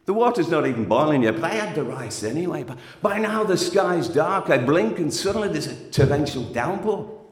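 A man's voice: on the high side, big pitch swings, brisk. A man performing a frank spoken-word story with a wry, emotionally swinging delivery. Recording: echoey hall.

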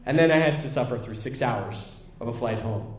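A man's voice: medium pitch, moderate pace, echoey room, soft background music. A young man candidly telling a self-deprecating personal story, acting out what people said.

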